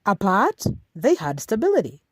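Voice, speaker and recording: A woman's voice: medium pitch, wildly swooping pitch, moderate pace, dry recording, studio quality. A woman narrating scripted commentary in a dramatic, emphatic way, with short punchy phrases.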